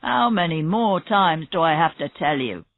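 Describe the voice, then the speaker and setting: Stubborn male murder suspect under questioning, read by a woman; slow, low-ish, dry tinny audio. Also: expressive, dry recording. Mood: defensive. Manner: stubborn denials, rising to angry shouts. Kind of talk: reading a graded story aloud.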